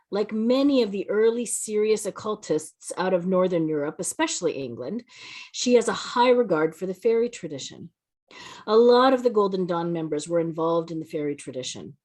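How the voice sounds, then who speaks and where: A woman host reading a story aloud expressively on a video call. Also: fairly low pitch. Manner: expressive reading, with soft backchannel hums.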